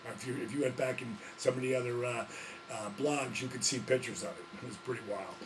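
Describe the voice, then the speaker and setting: A man hosting his vlog, telling a story in a casual, animated way, full of slang and frequent laughs. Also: mid-range voice, fast, noisy background. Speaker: vlog host, former wrestler.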